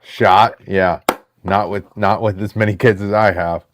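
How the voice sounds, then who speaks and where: A man in his thirties hosting a live card break stream, chatting excitedly with viewers in the chat. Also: fairly low pitch, unhurried, slight background noise.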